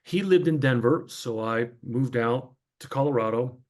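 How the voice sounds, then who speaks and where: A man's voice: medium pitch, normal speed. A man in his fifties from northern New Jersey, a former sportscaster, telling his life story as an interview guest in a chatty, anecdotal way with frequent fillers.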